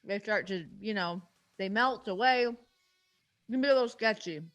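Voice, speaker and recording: A woman's voice: medium pitch, measured pace, fairly bright tone. A woman guest in a casual chat, talking in a chatty, easygoing way.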